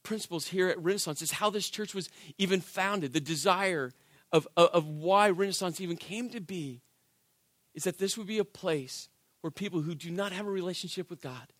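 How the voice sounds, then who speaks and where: A pastor with a high voice speaks at normal speed during a church sermon, conversational and animated, often tossing out "right?" to the congregation. He moves between shouted emphasis and gentle, intimate tones, captured in a dry recording.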